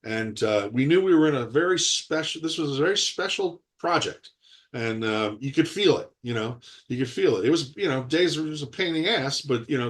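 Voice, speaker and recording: Man, 60s, actor on a video call, rambling animated storytelling, laughs a lot, mid-pitched voice. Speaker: actor, interview guest. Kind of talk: casual video-call interview.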